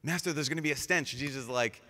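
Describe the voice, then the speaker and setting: A man, a priest, giving a lively storytelling talk with casual fillers, acting out quotes in changing voices. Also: mid-range voice, quick pace. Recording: live talk with long hall reverb.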